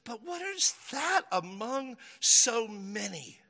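A man's voice: very high-pitched, sing-song, slow, vocal fry, pushed and bright, pitched above the performer's own voice, heavily acted. A man voicing an anxious adult male disciple who pleads and stammers with worry. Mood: uncertain. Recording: long hall reverb.

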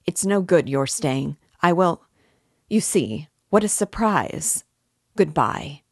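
A woman reading an excitable, pushy male investigator. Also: sits low, husky, dry recording, clean studio sound, exaggerated voice. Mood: excited. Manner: hurried, emphatic, louder than the narration. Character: excitable male police investigator, fussy and insinuating.

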